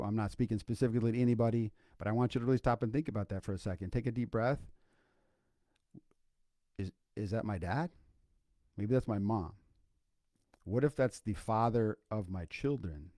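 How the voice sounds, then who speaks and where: An older man talking on a podcast with a low, warm, mellow voice. He speaks earnestly and informally, with plenty of ums and repeated lines. The sound is dry and close. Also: no room sound. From Iowa, United States. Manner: informal, earnest, repeats key points, many fillers. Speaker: podcast co-host, clinical psychologist. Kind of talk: impromptu solo livestream talk.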